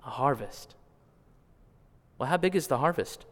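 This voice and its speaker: A man's voice: medium pitch, animated. Preaching man in a reverberant hall. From California, US. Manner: shifts from quiet asides to loud, drawn-out appeals; asks the congregation direct questions. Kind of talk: sermon. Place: church sanctuary.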